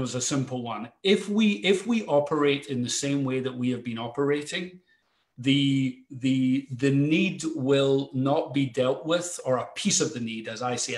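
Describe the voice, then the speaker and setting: A man's voice: medium pitch, reverberant. A man with a Scottish accent, speaking as a panelist in a panel discussion, often repeating words as he builds his point. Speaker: foundation executive, panelist.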